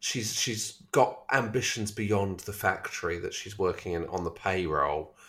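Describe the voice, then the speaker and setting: A man chatting casually about a film as a podcast host, animated and quick to laugh. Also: low-pitched. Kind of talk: casual chat.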